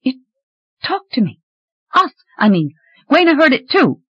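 A narrator voicing a young woman warrior, speaking in sharp, emphatic exclamations. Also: high-pitched, huge pitch swings, measured pace, no room sound, voice pushed up, full character voice. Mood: shaken. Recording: dry, slightly dull recording.

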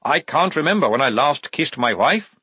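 A man's voice: a little high, very animated, normal speed, pushed and bright, breathy edge, no echo, pitched above the performer's own voice, heavily acted. A man reading an audiobook, voicing a hapless male guard who talks in a sheepish, pleading way. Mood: chummy.

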